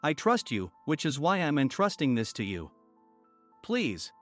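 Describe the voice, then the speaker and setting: A man voicing a male office supervisor who gives brisk orders. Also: fairly high pitch, sing-song, a bit bright, faint music behind. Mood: coaxing.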